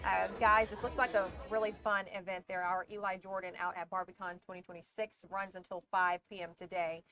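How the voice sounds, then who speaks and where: Casting: female TV anchor, brisk and upbeat, studio handoff. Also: mid-range voice, flat delivery, over music. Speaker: news anchor. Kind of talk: live news studio link.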